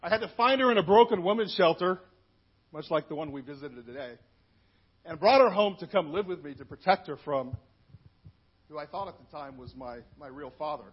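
A man in his fifties with a high, husky voice gives a candid church testimony, talking as if to friends and dropping in asides. The recording is muffled and lo-fi. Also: animated, brisk. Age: 50s. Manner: candid, storytelling, frequent asides. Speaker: minister giving a personal testimony.

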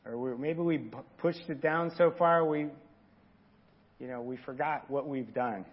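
A man's voice: medium pitch, measured pace, husky, dull audio. A man preaching an informal, earnest sermon and talking straight to his congregation. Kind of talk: conversational sermon.

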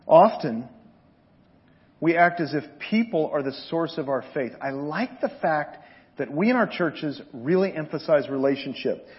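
High-voiced preacher telling lively stories. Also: male voice, lo-fi sound. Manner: animated storytelling, jokes with the congregation. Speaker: pastor. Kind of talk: sermon.

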